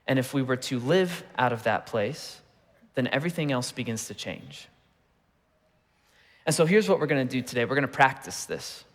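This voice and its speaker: A man in his thirties gives a Sunday sermon in an easygoing, storytelling manner, slipping in jokes as he goes. His voice sits at an average pitch. It carries the long reverb of a large church hall. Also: expressive, normal speed. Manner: conversational storytelling with humor. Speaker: pastor. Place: church auditorium.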